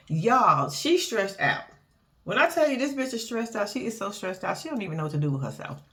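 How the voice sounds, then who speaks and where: Animated, sassy woman recapping with profanity. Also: medium pitch, a little fast. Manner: blunt, profane and sassy, acting out quotes. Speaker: reality show recapper. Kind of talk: casual reaction recap.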